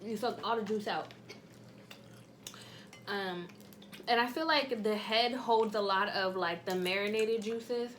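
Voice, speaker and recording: A woman hosting a mukbang, talking softly in a slangy, chatty way while she eats. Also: mid-range voice, a little slow, pauses often, slight background noise. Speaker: mukbang host. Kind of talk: casual chat while eating.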